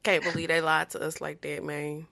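A woman's voice: low voice, level tone, moderate pace, gravelly, a crowd in the background. A woman in her twenties co-hosting a casual chat podcast, slangy and laughing often. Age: 20s. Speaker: podcast co-host.

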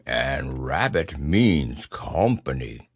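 A man voicing a slow, gruff male teddy bear in a storybook reading. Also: very animated, no room sound, heavily acted. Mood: musing. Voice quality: low, slow, different timbre.

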